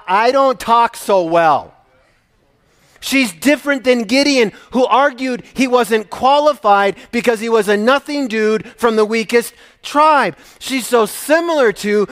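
A man from Minnesota preaching a sermon, animated and shifting between loud emphasis and quiet asides. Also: very high voice. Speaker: pastor.

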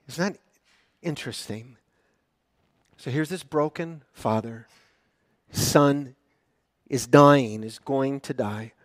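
A man's voice: mid-range voice, measured pace, pauses often, dry recording. A pastor preaching a sermon, a man who retells the scripture story with growing emphasis.

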